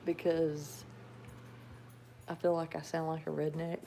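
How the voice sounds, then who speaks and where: A soft-spoken woman with a warm Southern drawl hosts a relaxed livestream from her home. She talks slowly in a slightly low voice, chuckling now and then. A faint hum of noise sits behind her. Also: vocal fry. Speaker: livestream host. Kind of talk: casual live chat. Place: home with pet dogs.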